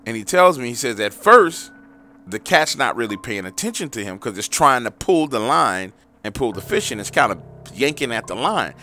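A man's voice: medium pitch, sing-song, moderate pace, bright, forceful tone, slight background noise. A man hosting a paranormal story show, casually retelling callers' encounters in a loose, profane, conversational way while driving.

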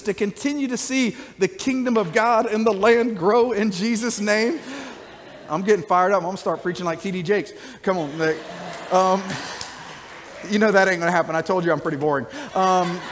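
A man delivering a church sermon with energetic, conversational preaching and frequent call-outs. His voice sits high for a man. The sound rings with the long reverb of a church sanctuary. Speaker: pastor.

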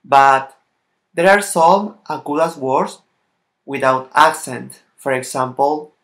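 Slow, bright-voiced man teaching a lesson. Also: medium pitch. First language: Spanish. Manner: slow, careful, non-native English, reading out word lists. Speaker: Spanish teacher. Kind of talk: recorded language lesson.

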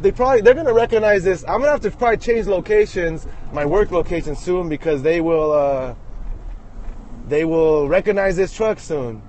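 A man's voice: high voice, normal speed, darkish tone, slight background noise. A man filming himself from inside a truck as he drives, rambling and joking in a crude, self-amused way. He restarts his sentences often. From Los Angeles area. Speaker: vlogger filming while driving. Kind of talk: rambling self-filmed commentary.

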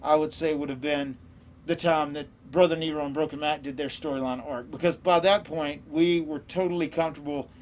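Easygoing male guest, forties, quick and slightly high, casual storyteller; light room noise. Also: steady tone. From American South. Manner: easygoing storytelling, laughs often. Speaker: guest wrestler. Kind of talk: casual chat.

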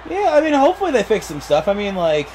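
A man's voice: high voice, wildly swooping pitch, fast, darkish tone, a little hiss or hum. A young man giving casual, laughing play-by-play commentary on a wrestling video game.

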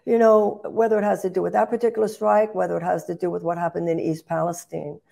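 A woman's voice: lowish voice, level tone, fast, gravelly, warm tone. An older woman speaking as a political guest. She talks with impassioned emphasis, often restarting phrases and rising in bursts.

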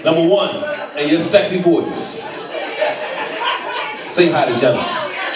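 A man hosting a comedy show, teasing audience volunteers with loud, profane banter from a club stage. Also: fairly high pitch, animated, a little slow, long pauses. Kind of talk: stand-up crowd work. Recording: echoey club, mic from far, loud crowd.

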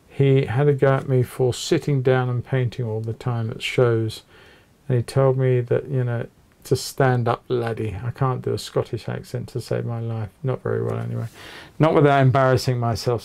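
A man narrating an oil painting tutorial from his small home studio, chatting in a relaxed way while he paints at his easel. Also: medium pitch, gravelly. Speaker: painting teacher.

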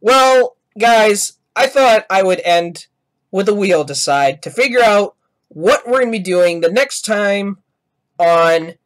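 A man's voice: sits high, expressive, takes it slowly. A man vlogging casual reaction commentary for his gaming channel, rambling and restarting his sentences as he talks. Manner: rambling, restarts sentences, yells "no" and "ah" at loud sounds. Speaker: gaming YouTuber.

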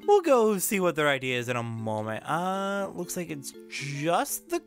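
A woman's voice: low-pitched, lively intonation, unhurried, faint music behind. Playful woman with a Pacific Northwest accent. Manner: self-deprecating, playful. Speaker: let's play host. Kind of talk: gaming commentary.

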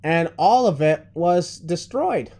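A man's voice: fairly high pitch, animated, takes it slowly, warm tone. A man co-hosting a wrestling review podcast, ranting loosely in casual chat and swearing freely. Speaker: podcast co-host.

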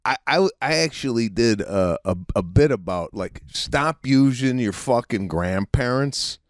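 A man's voice: mid-range voice, expressive, a little slow, dry recording, studio quality. A middle-aged comedian co-hosting a podcast in casual chat, emphatic and profane, stammering as he builds up to his punchlines.

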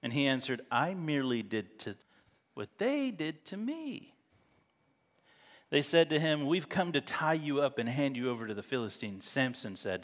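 Joking pastor in a reverberant church. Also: male voice, fairly high pitch, fairly bright tone. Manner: joking, laughing asides while reading scripture. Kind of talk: sermon. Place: church sanctuary. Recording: long hall reverb.

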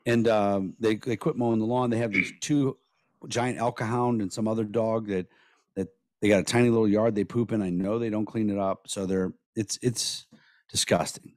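Hoarse dude rambling on a podcast, swears a lot, kinda low voice, dry close mic. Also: male voice, steady tone, moderate pace, no echo. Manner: rambling, profane, blunt. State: hoarse from days of talking. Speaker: podcast co-host. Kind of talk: casual podcast chat.

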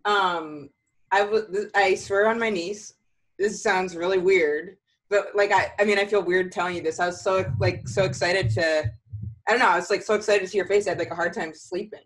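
A woman podcast host telling rambling comic stories in casual chat over a video call, often jumping into high quoted voices. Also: fairly even intonation, normal speed. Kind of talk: casual comedic storytelling.

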